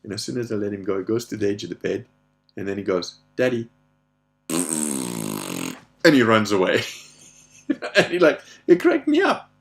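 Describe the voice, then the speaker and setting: A man's voice: on the low side, huge pitch swings, brisk, pauses often. A man hosting a casual question-and-answer show, telling crude, profane stories and laughing often. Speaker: podcast host. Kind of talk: casual Q&A monologue.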